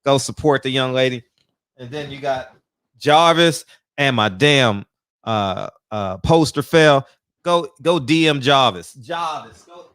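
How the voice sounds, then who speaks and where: A man's voice: mid-range voice, lively intonation, slow pace, fairly bright tone, no room sound, clean studio sound. A man hosting a casual livestream, greeting viewers by name and ranting loosely with plenty of swearing. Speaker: livestream host. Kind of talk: casual chat.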